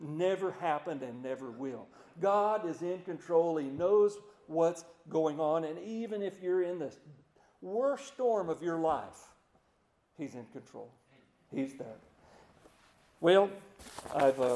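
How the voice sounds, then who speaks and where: A man preaching a sermon in a folksy way, repeating words and slowing down to hushed emphasis. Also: on the high side, expressive, echoey room.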